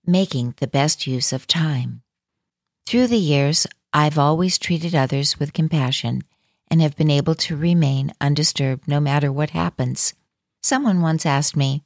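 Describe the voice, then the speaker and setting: A woman with a low voice calmly narrates a first-person account from a script, her delivery measured. The recording is dry and close, with no sense of room around her.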